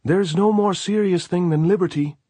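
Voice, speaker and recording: A man's voice: mid-range voice, expressive, fast talker, slightly rough, no room sound, pitched above the performer's own voice. A man voicing a hot-headed male anarchist sentry who speaks with fervent bluster.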